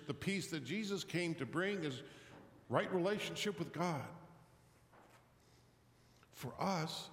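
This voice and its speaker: A man's voice: a little high, fairly bright tone. Reflective male preacher in echoey hall. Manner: reflective, questioning, with light humor and pauses. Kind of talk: sermon. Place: large echoey church. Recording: roomy hall reverb, somewhat distant.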